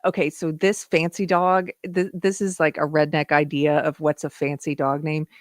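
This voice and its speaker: With a deep, level voice and a moderate pace, this southern U.S. woman runs a casual livestream, responding to viewer comments. She laughs frequently and talks to her dog, and the studio-quality audio has no room sound.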